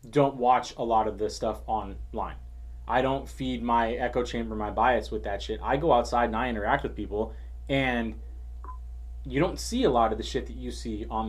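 A man in a casual podcast conversation, talking in a heated, profane way with lots of stammered restarts. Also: medium pitch.

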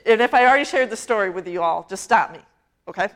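A woman's voice: mid-range voice, expressive, quick pace, a bit bright. A middle-aged woman priest preaching a conversational sermon, self-deprecating and often laughing.

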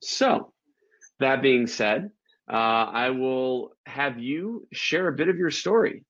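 A man's voice: mid-range voice, animated, slow, a bit bright. A man hosting a casual live-stream interview over a video call, upbeat and joking through tech hiccups. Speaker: podcast host. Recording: dull lo-fi live-stream audio.

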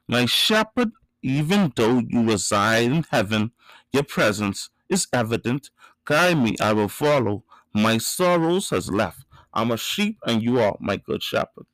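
A man's voice: mid-range voice, sing-song, a little slow, no room sound, rough recording. Man reciting rhythmic poetry. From Bahamas. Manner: rhythmic, emphatic delivery with sudden loud rises. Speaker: spoken word poet. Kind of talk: reciting spoken word poetry and rap.

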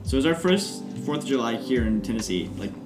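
A man's voice: mid-range voice, big pitch swings, quick pace, echoey room, over loud music. A young man co-hosting a casual podcast with friends, telling a long rambling story and quoting people as he goes. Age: young adult. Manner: rambling storyteller, quotes people in his stories. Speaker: podcast co-host. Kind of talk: casual chat. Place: apartment living room.

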